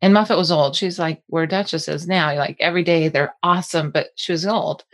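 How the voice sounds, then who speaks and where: A woman's voice: deep voice, steady tone, a little fast. A middle-aged woman co-hosting a podcast, telling a personal story in casual, rambling chat with many restarts. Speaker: podcast co-host.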